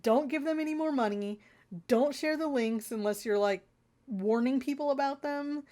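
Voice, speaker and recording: A woman's voice: high voice, moderate pace, dark tone. A woman vlogger ranting in an exasperated, rambling way, talking straight to her viewers. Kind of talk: ranting consumer-warning vlog.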